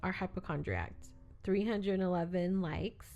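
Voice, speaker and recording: A woman's voice: lowish voice, measured pace, gravelly, darkish tone, muffled recording, soft background music. Chatty laughing woman podcast co-host. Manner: chatty, laughs often, talks over her friend. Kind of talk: casual chat.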